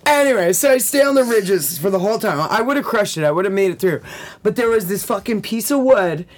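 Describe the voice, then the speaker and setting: A young woman telling a story in a casual podcast chat, animated, swearing freely and laughing often. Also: mid-range voice, a little fast. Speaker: podcast guest.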